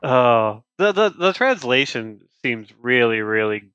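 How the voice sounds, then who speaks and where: A man co-hosting a comics podcast in casual chat, animated, acting out lines in voices. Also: medium pitch, unhurried, clean tone, no echo, muffled recording. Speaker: podcast co-host.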